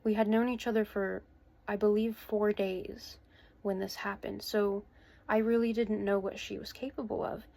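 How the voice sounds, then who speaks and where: A woman's voice: mid-range voice, level tone, gravelly, mellow. Hesitant earnest woman in her twenties. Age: 20s. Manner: hesitant and earnest, with many pauses and restarts. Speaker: vlogger. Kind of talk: personal account to camera. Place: her bedroom at home.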